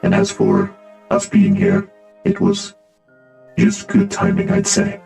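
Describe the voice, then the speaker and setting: A courteous male alliance agent, as a game master puts him on, polite and matter-of-fact. His voice sits a little high, with dark, mellow warmth. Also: huge pitch swings, takes it slowly, creaky, soft background music, full character voice.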